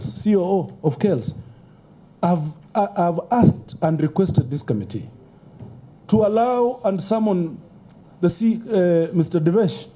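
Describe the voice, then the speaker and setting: A man's voice: high voice, highs cut off. A Kenyan man and member of parliament testifying at a committee hearing, arguing insistently and emotionally, often cutting in. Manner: interrupts, argues insistently, emotional. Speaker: member of parliament moving an impeachment.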